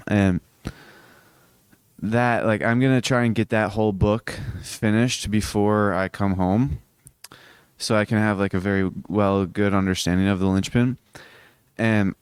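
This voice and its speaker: A man's voice: fairly low pitch, smooth, no echo. A young man hosting a casual solo podcast, sleepy and yawning as he rambles through many fillers and restarts. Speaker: podcast host.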